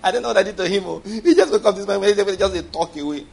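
A woman's voice: medium pitch, racing, vocal fry, darkish tone, husky, voice pushed up. A man voicing an upset wife who phones her mother to complain about her husband, in a fretful, breathless way.

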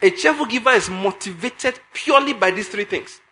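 A man's voice: high voice, lively intonation, brisk, sharp tone. A man preaching a sermon, emphatic, repeating phrases and putting questions to his listeners.

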